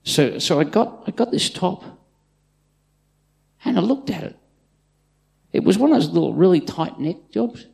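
A middle-aged man preaching a live sermon in a church, telling stories and swinging from loud calls to hushed asides. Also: high voice, big pitch swings, unhurried, creaky, long pauses. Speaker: pastor. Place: church auditorium with congregation.

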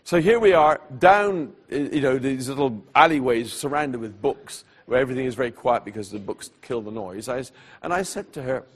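A man preaching, telling a personal story in an animated way and voicing the people in it, then going hushed at solemn moments. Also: medium pitch, a little fast, husky. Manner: animated storyteller who voices the people in his tale; drops to a hushed, quiet delivery at solemn moments. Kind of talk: storytelling sermon.

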